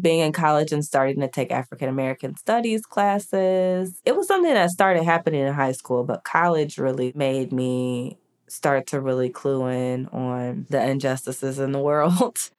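A woman with a notably low voice speaks as a podcast guest. She tells personal stories in a relaxed, chatty way, and "like" fills her pauses often. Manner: chatty, frequent "like" fillers. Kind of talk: casual conversational storytelling.

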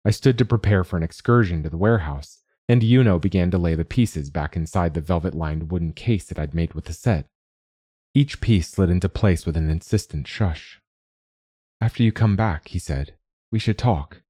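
A man narrating a short story in a steady, measured way. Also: sits low, husky, no room sound, clean studio sound. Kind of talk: scripted narration.

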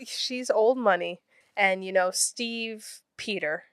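A woman co-hosting a movie review podcast in casual chat, easygoing and quick to laugh. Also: mid-range voice, smooth, no echo. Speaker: podcast co-host.

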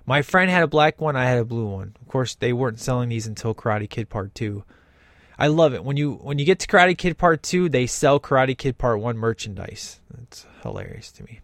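Man, enthusiastic casual film commentary, medium pitch, dry sound. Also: fairly quick, no room sound. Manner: excited, enthusiastic, imitates characters. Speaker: host reacting to a film. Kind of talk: casual watch-along commentary.

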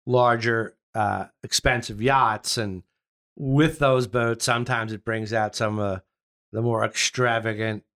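Halting yacht broker, dry close sound. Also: male voice, fairly low pitch, steady tone, fairly bright tone, no room sound. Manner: halting, restarts, fillers. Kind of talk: casual conversation.

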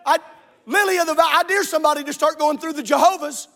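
A man preaching a sermon as a pastor, calling out to the congregation and shouting at the peaks. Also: extremely high pitch, quick pace.

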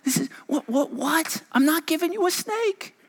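A man's voice: very high-pitched, lively intonation, moderate pace, fairly bright tone, pitched above the performer's own voice, heavily acted. A man putting on the voice of an exasperated, fatherly God scolding a child's request. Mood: incredulous. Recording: echoey hall reverb.

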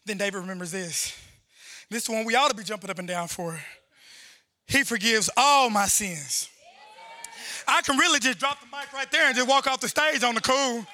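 A male pastor preaching a fervent sermon, often shouting. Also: very high-pitched, normal speed, pauses often. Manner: fervent, shouting preacher with call-and-response lines.

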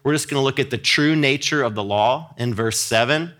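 A man's voice: mid-range voice, a little fast, fairly bright tone. Man preaching an earnest sermon. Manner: earnest, emphatic preaching with repeated restarts.

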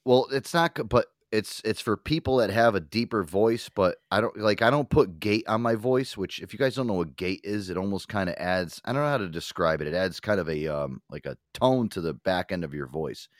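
A man's voice: fairly low pitch, a little fast, hardly any pauses, no room sound, studio quality. A man hosting a podcast, rambling casually with swearing and frequent laughs. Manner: rambling, profane, laughs easily. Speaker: podcast host. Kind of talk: casual chat.

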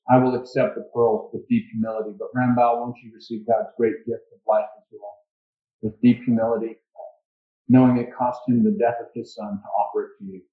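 An eager, humble missionary pleads in a raised voice, read aloud by a preacher. The sound is muffled and comes from an echoey church with mic problems. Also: male voice, medium pitch, close to an everyday voice. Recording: dull echoey church recording.

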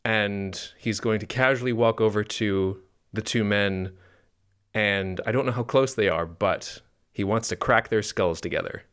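A man playing a tabletop role-playing game, calmly describing what his character does and speaking as him. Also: fairly low pitch, measured pace, smooth. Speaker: player.

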